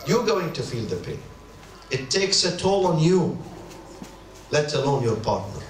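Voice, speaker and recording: A man's voice: on the high side, a bit bright, far from the mic. A middle-aged man from the Middle East, preaching a sermon on marriage. He talks emphatically and repeats his points, acting out quoted speech. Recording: echoey hall, voice from afar, faint hiss.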